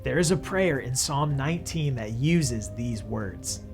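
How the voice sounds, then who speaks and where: A man's voice: medium pitch, lively intonation, a little slow, over music. A young man teaching a scripted Bible lesson to children in a friendly, patient way.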